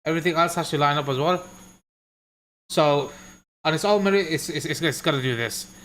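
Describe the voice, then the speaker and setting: Brummie guy, crypto streamer, casual and sweary, slightly high voice, rambling live chart analysis. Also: fairly quick, fairly bright tone. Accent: Birmingham. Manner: chatty, joking asides, swears at chat. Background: washing machine noise.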